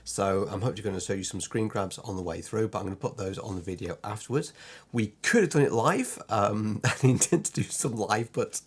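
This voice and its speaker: Rambling low-voiced British man, husky. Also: a little fast. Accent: British English. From Lancashire, England. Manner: rambling and easily sidetracked, with many fillers and restarts. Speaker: illustrator and online course teacher. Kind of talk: casual course introduction to camera. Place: drawing room at home.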